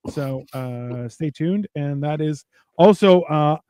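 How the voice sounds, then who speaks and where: A man's voice: fairly high pitch, slow, warm tone, smooth, no echo, clean studio sound. A man hosting a casual talk show, telling rambling stories with plenty of swearing. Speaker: podcast host. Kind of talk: casual chat.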